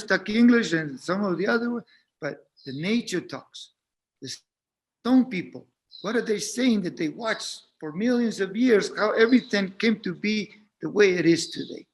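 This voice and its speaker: High-voiced man, gentle and halting. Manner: gentle, halting, often repeats words. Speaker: spiritual teacher. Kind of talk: reflective spiritual talk.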